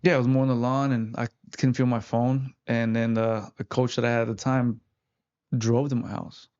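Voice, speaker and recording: A man's voice: mid-range voice, level tone, normal speed, darkish tone, clear, resonant tone. Man, fighter guest, casual rambling storytelling, slightly muffled audio. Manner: rambling, lots of "like" fillers.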